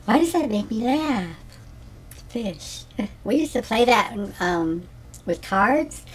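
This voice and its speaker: Man doing a ditzy middle-aged woman, rambling, giggly, slow-talking, comedy sketch. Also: high-pitched, very animated, slight background noise, heavily acted. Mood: airy rambling. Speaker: comedy character host. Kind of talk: scripted character comedy monologue.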